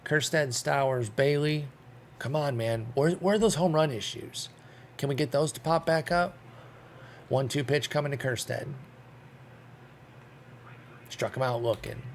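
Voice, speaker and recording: A young gaming YouTuber provides live commentary while playing a baseball sim, thinking aloud and growing frustrated enough to swear. His mid-range voice is unhurried with frequent pauses, over slight background noise.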